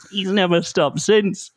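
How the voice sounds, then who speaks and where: A man voicing a frazzled female dog owner in a very high, shrill put-on voice with a put-on accent, giggling as he talks. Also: slow pace. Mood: shrill, flustered. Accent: put-on regional accent, freshly practiced. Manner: shrill, giggly, breaks into laughter.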